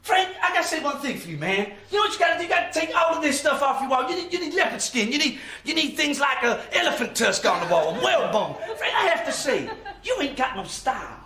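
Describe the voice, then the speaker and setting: An actor playing a brash, showy male boxing promoter in a comedy clip, boasting loudly. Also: extremely high pitch, very animated, fast talker, hardly any pauses, exaggerated voice. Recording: echoey clip over audience noise.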